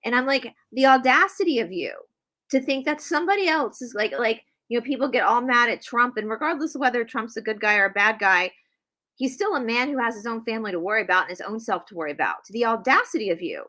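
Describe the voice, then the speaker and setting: Emphatic bright-voiced woman co-host. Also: a little high, quick pace. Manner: emphatic, animated, repeats herself for stress. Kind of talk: casual spiritual discussion.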